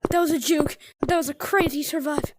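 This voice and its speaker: Very high-voiced excitable young woman gamer. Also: a little fast, very noisy. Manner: excitable, shrieks and laughs, trash-talks a friend. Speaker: VR game streamer. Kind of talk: live gameplay commentary.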